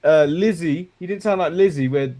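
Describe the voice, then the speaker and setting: A man's voice: on the high side, normal speed, dark tone. A man co-hosting a casual wrestling review chat, rambling and joking, chuckling at his own remarks. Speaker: co-host.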